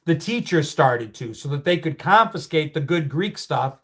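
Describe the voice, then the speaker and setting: A man's voice: a little high, expressive, normal speed, a bit bright. Chatty middle-aged man telling stories. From United States. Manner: storytelling, reads out viewer comments, swears casually. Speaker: livestream host. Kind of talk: casual livestream chat.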